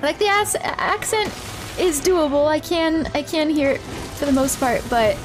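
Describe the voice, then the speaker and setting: A woman's voice: sits high, a little slow. A woman streamer chatting casually with her viewers while she plays a game, giggling often and sounding a little stuffy-nosed. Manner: giggly, answers chat between game moments. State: stuffy nose. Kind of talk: casual live-stream chat while playing. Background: game music.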